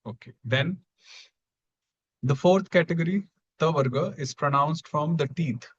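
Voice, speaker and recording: In an online class, a man teaches Sanskrit pronunciation, patiently repeating each sound so students can copy it. His voice is fairly high, a little slow and slightly rough, and the lo-fi recording sounds dull.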